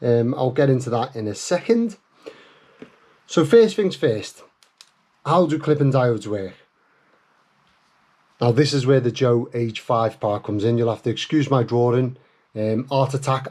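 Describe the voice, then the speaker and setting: A man's voice: medium pitch, dark tone. Chatty man explaining pedal mods. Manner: chatty, self-deprecating, with many fillers and restarts. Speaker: guitar pedal modder. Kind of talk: casual workshop tutorial.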